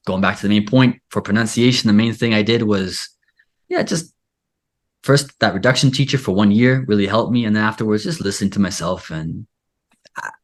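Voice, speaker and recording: Casual male host type, lowish, easygoing, chatty. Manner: relaxed, rambling, many "like" and "yeah" fillers. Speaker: language teacher, show host. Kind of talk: casual conversation.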